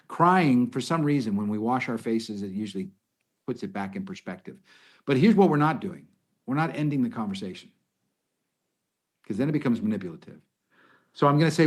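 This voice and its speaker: A middle-aged man talks a little fast and pauses often, his pitch medium. As an expert guest in a podcast interview, he gives conversational advice in an animated way, acting out example lines and restarting his sentences.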